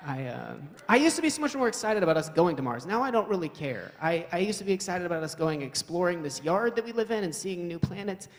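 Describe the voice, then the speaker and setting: A man's voice: high voice, very animated, quick pace, few pauses. A man doing live stand-up comedy in a wry, rambling, self-mocking way, at a live event hall.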